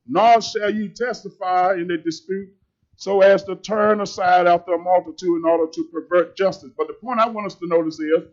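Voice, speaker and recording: A man preaches, his voice pitched high. He talks plainly and conversationally but presses his points hard. The recording sounds slightly dull and lo-fi. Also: steady tone, moderate pace, darkish tone. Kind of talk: sermon.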